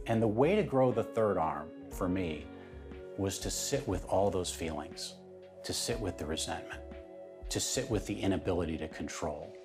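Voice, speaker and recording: Emphatic man telling his story. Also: deep voice. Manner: emphatic, builds in intensity. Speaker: interview guest. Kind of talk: personal storytelling.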